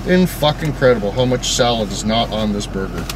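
A man's voice: lowish voice, expressive, fairly quick. A man vlogging from behind the wheel, joking and swearing constantly in slangy talk. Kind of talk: casual driving vlog. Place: inside a moving car. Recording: car road noise.

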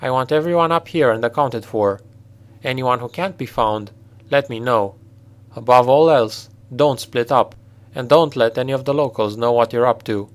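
A man reading a storybook voices a blunt, practical male mercenary captain who talks in a forceful, direct way. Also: medium pitch, normal speed, lightly acted. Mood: commanding.

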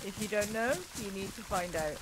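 A man's voice: high-pitched, fairly quick, a bit bright. A man chatting casually as a gaming partner on a stream, easygoing and agreeable.

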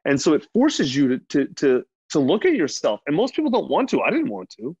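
A man's voice: on the high side, wildly swooping pitch, a little fast, a little mellow, breathy edge, no room sound. A man guesting on an interview show, telling a personal story in a candid, rambling way, full of fillers and casual swearing. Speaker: podcast guest. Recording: dull dry lo-fi sound.

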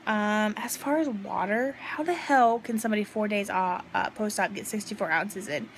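A young woman talks into her phone at home in a loose, rambling way, sore and now and then burping. She swears without a second thought, and her voice sits at an ordinary pitch. A faint room hum runs under her talk. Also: normal speed. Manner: rambling, frank, swears casually. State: in pain, burping. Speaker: vlogger. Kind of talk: casual recovery vlog. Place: home, indoors. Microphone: phone, handheld.

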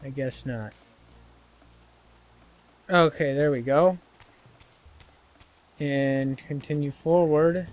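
A man's voice: a little high, drawn-out words, long pauses, a little mellow. A man commentating his own gameplay, muttering and swearing in frustration as he plays. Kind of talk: frustrated let's-play commentary.

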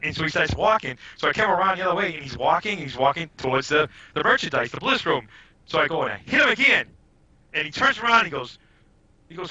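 A man chats as a podcast guest, rambling through animated stories and restarting his sentences. His voice sits a little high and sounds very bright and edgy. The recording is dull and lo-fi. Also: fast talker. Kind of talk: casual storytelling chat. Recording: dull lo-fi audio.

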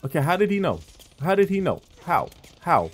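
Man, gameplay commentary, lively swings in pitch, swearing, exasperated, talking to viewers. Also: moderate pace, husky. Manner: exasperated, swearing trash talk at opponents and teammates; talks to viewers directly with rhetorical questions. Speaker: gaming streamer.

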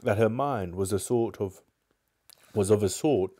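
A man's voice: fairly low pitch, measured pace, dark tone, husky. A man reading a children's novel aloud live, sometimes stumbling and restarting lines. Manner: stumbles and restarts, apologizes to viewers. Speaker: book reader.

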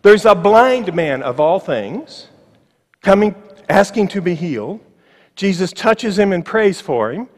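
Male pastor, sermon in a church sanctuary; higher voice, emphatic and slow on key lines, wry asides, long reverb. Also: very animated. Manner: emphatic, slowing on key phrases, with ironic asides.

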